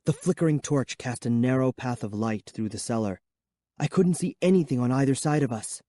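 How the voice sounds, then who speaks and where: A man narrating a children's horror audiobook in first person with a measured, suspenseful reading. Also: medium pitch, lively intonation, dark tone, no room sound.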